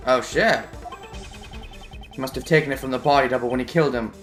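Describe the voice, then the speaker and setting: Casual gamer man, loose musing commentary, bright tone. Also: medium pitch, a little fast, faint music behind. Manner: loose and swearing, musing aloud. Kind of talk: casual let's play commentary.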